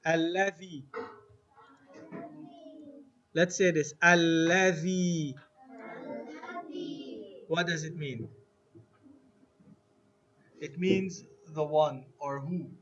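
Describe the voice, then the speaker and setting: A man teaching an Arabic lesson to a class, slowly spelling words out letter by letter and repeating them. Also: on the high side, dull audio, a little hiss or hum.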